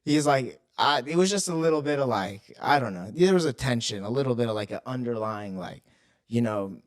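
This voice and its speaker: A man's voice: medium pitch, expressive, a little fast. A young man co-hosting a podcast, telling stories in a loose, profane, rambling way. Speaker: podcast co-host. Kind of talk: casual chat.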